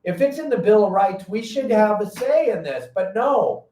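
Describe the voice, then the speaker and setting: A man hosting a fishing show, talking loud and blunt in an energetic casual chat. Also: high voice, moderate pace, echoey room, distant mic, rough recording.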